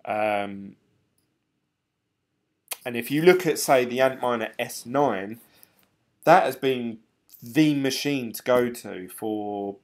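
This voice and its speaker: A man's voice: medium pitch, takes it slowly, long pauses. A man chatting casually on a live stream, rambling and laughing often as he reads comments. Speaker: crypto vlogger reading live chat.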